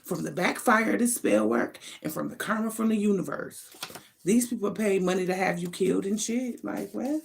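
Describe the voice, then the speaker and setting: A woman delivering a casual spiritual card reading straight to her audience, blunt and salty with plenty of swearing. She talks in emphatic, sassy bursts and pauses to think aloud, pitched at an ordinary middle height for her. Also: creaky. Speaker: tarot card reader.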